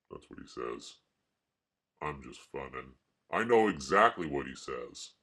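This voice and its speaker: A man's voice: rumbling low, big pitch swings, unhurried, sharp tone, breathy edge. A man vlogging and rambling casually in a wry, mock-grumpy way. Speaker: art vlogger.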